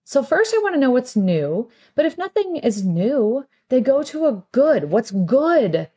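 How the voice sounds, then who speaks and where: A woman's voice: high-pitched, big pitch swings, a little slow, mellow, breathy edge. A middle-aged woman hosting a casual talk show, telling stories in a chatty, rambling way and laughing often. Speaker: podcast host and salon owner. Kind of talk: casual storytelling monologue.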